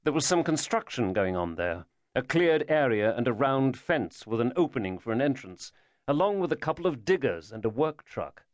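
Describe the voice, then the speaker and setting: A man narrates a thriller audiobook in a measured, steady reading voice of middling pitch. The recording is close and dry, with no room sound at all. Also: no echo. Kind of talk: scripted narration.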